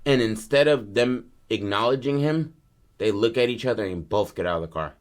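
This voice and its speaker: A man's voice: on the low side, animated, normal speed. A man hosting a podcast, casually and animatedly retelling a film plot in profane street slang. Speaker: podcast host.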